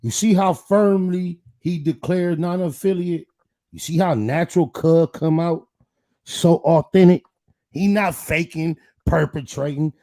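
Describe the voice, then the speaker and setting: Man, interview host, mellow tone, fairly high pitch, prods the guest with questions. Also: measured pace. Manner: hypes up the guest, prompting questions. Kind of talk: casual interview.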